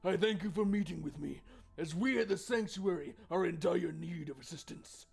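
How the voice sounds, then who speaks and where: A man's voice: high-pitched, normal speed, creaky, darkish tone. A man voicing a solemn woman priestess of a sanctuary, formal and pleading in old-fashioned phrasing while reading game dialogue aloud.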